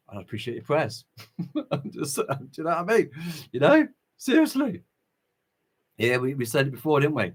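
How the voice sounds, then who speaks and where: Speaking a little slowly with long pauses, this middle-aged livestream host has a slightly rough, somewhat high voice whose pitch swoops wildly. He greets chat viewers casually and preaches with fervor, chuckling briefly between his impassioned, preachy remarks.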